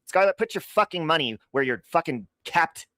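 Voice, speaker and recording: A male livestream host who talks in a lively, swooping way, full of gossip and swearing. His voice is dry and close, with no room sound around it. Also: fairly high pitch, moderate pace, no room sound. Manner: animated, profane, gossipy. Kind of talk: casual livestream chat.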